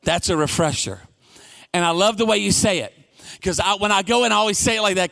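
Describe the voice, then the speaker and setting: A middle-aged man preaching a sermon in a fairly high voice. He tells his stories with plenty of animation, and he raises his voice to a shout to drive a point home. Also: a little fast, vocal fry. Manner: animated storytelling, shouts for emphasis. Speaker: pastor.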